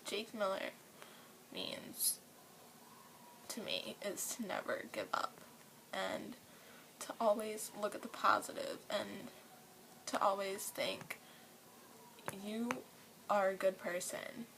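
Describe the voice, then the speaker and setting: A young woman from New Orleans, speaking in a soft, often whispery voice, earnest and gushing in a personal vlog recorded at home. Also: medium pitch, big pitch swings, takes it slowly, creaky, long pauses, background noise. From New Orleans, USA.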